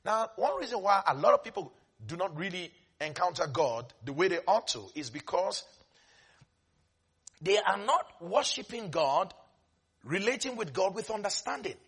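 A male preacher in full flow, his voice husky and bright. He acts out the stories he tells, whispering one moment and shouting the next, with a lively, swooping pitch. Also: normal speed. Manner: animated, acts out Bible scenes, swings from soft asides to shouting. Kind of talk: sermon.

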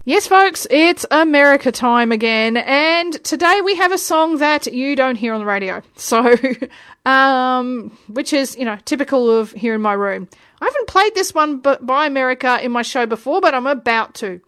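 A woman's voice: high voice, expressive, normal speed, fairly bright tone, clean tone, no room sound, studio quality. A woman in her forties, from Australia, hosting her own radio music show from a room at home in a chatty, playful, self-deprecating way. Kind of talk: casual radio presenting.

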